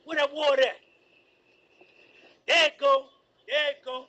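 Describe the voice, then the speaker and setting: High, bright-voiced man streaming live. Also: measured pace, rough recording. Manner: animated, repetitive, sings snatches. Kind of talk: rambling casual commentary.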